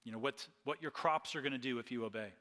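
A man's voice: medium pitch, fast talker, sharp tone, in a large hall. A man preaching a sermon as pastor, earnest and often repeating phrases.

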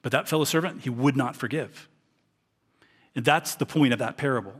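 A man's voice: medium pitch, a little fast, fairly bright tone, breathy edge. A man preaching a sermon, reading a parable aloud and explaining it earnestly. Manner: earnest, reads scripture aloud then explains it.

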